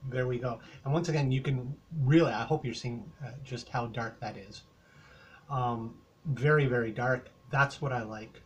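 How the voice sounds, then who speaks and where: A man's voice: mid-range voice, normal speed, highs cut off, a little hiss or hum. An older man with a Canadian accent, talking through a casual rambling beer review, full of hesitations and fillers.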